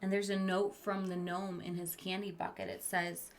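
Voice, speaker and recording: A woman's voice: lowish voice, flat delivery, moderate pace, slight background noise. A woman teacher reading a picture book aloud to children. She stops to explain words, asks the kids questions and drops into whispered asides.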